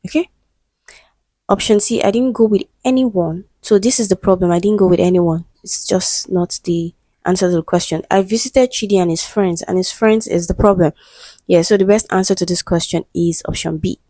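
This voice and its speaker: A woman's voice: fairly low pitch, moderate pace, dark tone, no room sound. A woman, an English exam tutor, working through answers step by step and often checking in with "right?". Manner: methodical, checks in with "right?" and "okay".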